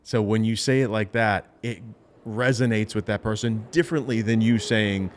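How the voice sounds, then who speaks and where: A man with a fairly low voice co-hosts a casual podcast roundtable. He speaks emphatically and breaks into acted-out sample phone pitches to make his points. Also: moderate pace. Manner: emphatic, acts out sample sales calls. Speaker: podcast co-host.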